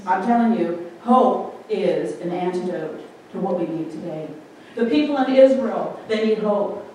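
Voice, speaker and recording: A woman's voice: medium pitch, animated, unhurried, mellow. A woman giving an informal sermon in a conversational way, often asking her listeners questions. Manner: conversational, asks the congregation questions. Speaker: preacher. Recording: very echoey hall, distant mic, faint room noise.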